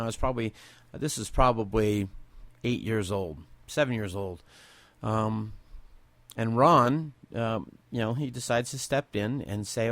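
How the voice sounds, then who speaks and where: A man's voice: lowish voice, a bit bright, no room sound. A man in his forties from Southern California, hosting a podcast and telling personal stories off the cuff in a candid, emotional way, often restarting his sentences. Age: 40s. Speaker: podcast host. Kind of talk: unscripted personal storytelling.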